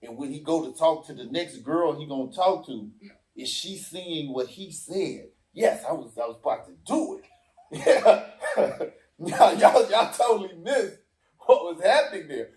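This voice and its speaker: An emphatic middle-aged man talks through a heated casual discussion, his voice swinging widely up and down as he acts out quotes. He sits a little above the usual male pitch and keeps pressing his point. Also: very animated, measured pace, a little mellow, reverberant. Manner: emphatic, explains with acted-out quotes. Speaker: podcast host.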